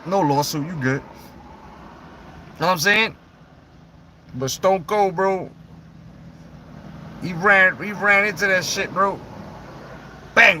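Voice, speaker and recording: A young adult man ranting about wrestling in loud, profane, mocking commentary. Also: sits high, slight background noise.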